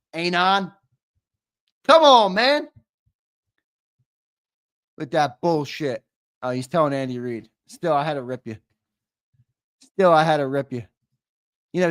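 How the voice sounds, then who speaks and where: A man with a fairly high voice hosts a livestream in loose, casual chat. He teases his viewers, curses freely and trades loud, rowdy banter. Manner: profane, teasing, loud banter. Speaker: host.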